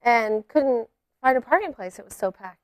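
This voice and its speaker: Female co-host, chatty and teasing, high voice, dry close sound. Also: lively intonation, normal speed, no echo. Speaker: podcast co-host. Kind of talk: casual chat.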